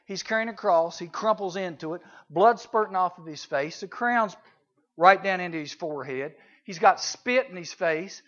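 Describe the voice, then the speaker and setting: A youth preacher talks to a room of junior high kids in a conversational way, rising loud and dropping to a hush. His voice sits high for a man. The recording is dull and lo-fi. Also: moderate pace. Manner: conversational, swings between loud and hushed. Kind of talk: sermon to junior high students.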